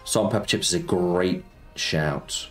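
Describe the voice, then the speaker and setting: A man's voice: low voice, big pitch swings, unhurried, fairly bright tone. A man hosting a casual slots live stream, chatting with viewers and reading out their messages. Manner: chatty, reads chat aloud and answers viewers, says mate a lot. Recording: roomy echo with music behind.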